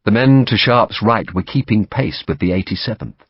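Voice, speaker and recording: A man reading a novel aloud as audiobook narration, steady and dramatic. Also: lowish voice, moderate pace, husky, dry recording, lo-fi sound.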